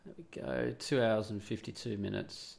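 A man's voice: fairly low pitch, steady tone, moderate pace, creaky, a little mellow. An Australian man hosting a podcast in a rambling, blunt monologue, swearing freely. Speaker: podcast host. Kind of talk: casual opinionated monologue.

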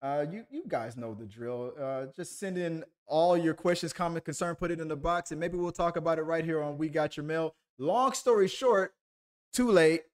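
A man's voice: fairly high pitch, moderate pace. Rambling man co-hosting a call-in chat. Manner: rambling, self-deprecating storyteller with many restarts. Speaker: podcast co-host. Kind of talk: casual chat. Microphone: video call.

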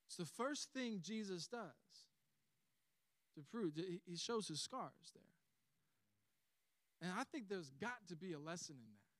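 Animated pastor, high voice. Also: male voice, unhurried, long pauses, no echo. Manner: animated storytelling with chuckles. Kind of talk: sermon.

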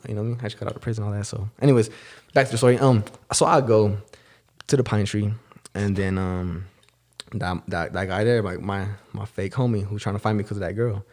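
A man's voice: lowish voice, a little mellow. A young man co-hosting a podcast, telling a story in casual slang and acting out the people he quotes. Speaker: podcast co-host.

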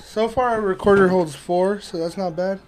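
High-voiced young man joking on a podcast. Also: steady tone, normal speed. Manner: laughs often, joking and teasing. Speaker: podcast host. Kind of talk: casual podcast chat.

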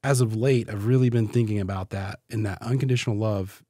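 A man with a slightly low, husky voice speaks as a podcast guest. He talks in a heartfelt, halting way and often repeats words as he searches for them. The sound is dry and close. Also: steady tone, mellow, no room sound. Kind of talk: casual podcast conversation.

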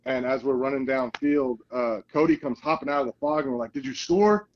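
A man's voice: medium pitch, fairly quick, lo-fi sound, slight background noise. A man, a guest and football coach, telling stories in a casual interview and acting out the lines people said. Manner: animated storyteller, acts out quoted lines.

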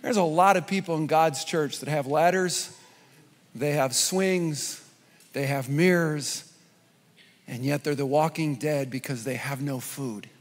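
High-voiced pastor in a reverberant hall. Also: male voice, unhurried. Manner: conversational, lively storytelling. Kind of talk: sermon with a told joke.

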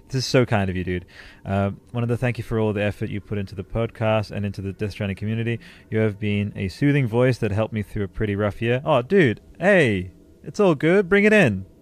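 A man from Italy hosting a podcast in casual chat, excitable and effusive, often laughing. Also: lowish voice, fast. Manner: excitable, effusive, bursts into laughter and loud exclamations. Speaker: podcast host.

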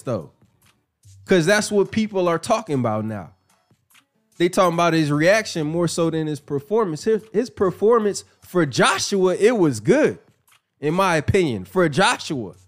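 Male podcast host, casual and profane, faint music under him. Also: sits high. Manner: animated, profane, laughing. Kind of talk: casual commentary.

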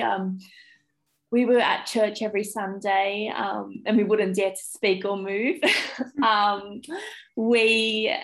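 A woman's voice: medium pitch, low-quality recording. Tearful Australian woman guest. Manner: emotional, tearful, many fillers. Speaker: guest, primary school teacher. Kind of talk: casual interview chat.

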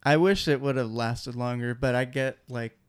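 A man with a smooth, resonant voice chatting casually on a podcast. He tells stories animatedly, leans on "like," and keeps things light. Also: normal speed. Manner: animated storyteller, many "like" fillers, jumps into high mimicking voices. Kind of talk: casual chat.

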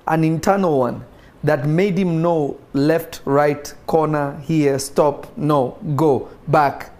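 A man's voice: fairly high pitch, takes it slowly. A man preaching a livestreamed sermon, calling out to listeners and acting out God's words. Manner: animated, calls out to listeners, acts out God's voice.

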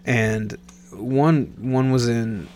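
A man in his thirties from Nebraska, USA, rambles through a casual personal story, often correcting himself mid-sentence and restarting. His medium-pitched voice is very slow and darkish, with slight background noise.

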